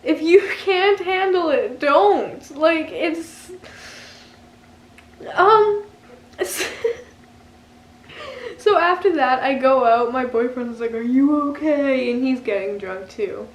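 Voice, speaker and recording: Giggly high-voiced young woman vlogger. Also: animated, takes it slowly, long pauses, echoey room. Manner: giggly, laughs often through the story. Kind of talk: casual storytelling.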